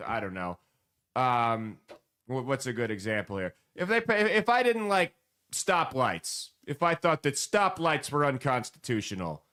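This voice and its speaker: A man hosting a political commentary show, animated and sarcastic, mocking the people he quotes. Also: medium pitch, clean tone. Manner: animated, sarcastic, mocking voices when quoting.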